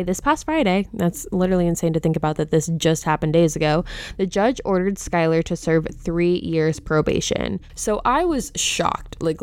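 Indignant and blunt, this true crime podcast host makes no secret of her opinions as she talks right up against the microphone. She has a lowish, darker tone, and the sound is clean with no room ambience.

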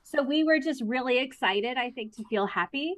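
A young woman, a therapist guesting on an interview show, chatting casually with lots of laughter and animated storytelling. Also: sits high, normal speed, no room sound. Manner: giggly, lively, animated storytelling.

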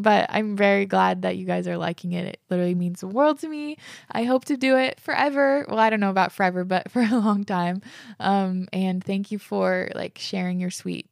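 A woman hosts her podcast in a relaxed, chatty voice with a touch of vocal fry. She is upbeat and peppers her talk with likes and ums. The sound is dry and close, with no room around it. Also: medium pitch, fairly quick, no room sound. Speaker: podcast host. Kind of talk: casual podcast chat reading listener messages.

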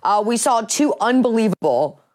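A woman's voice: a little high, moderate pace. Woman morning-show host leading banter. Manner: steady, leads topics with "uh" fillers. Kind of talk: casual talk-show banter.

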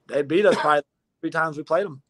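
A man's voice: on the high side, fast. A man being interviewed as a football player guest, talking modestly with many restarts. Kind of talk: casual interview chat.

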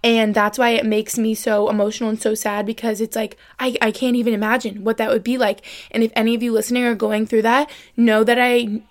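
A woman's voice: fairly high pitch, little pitch movement, brisk, few pauses. Chatty young woman, rambling upbeat podcast. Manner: rambling, filler-heavy, upbeat. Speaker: podcast host. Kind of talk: casual solo podcast chat.

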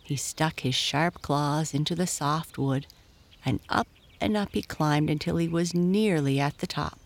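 A woman reading a children's storybook aloud, slow and lively, acting out the voices. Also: sits low. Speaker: narrator.

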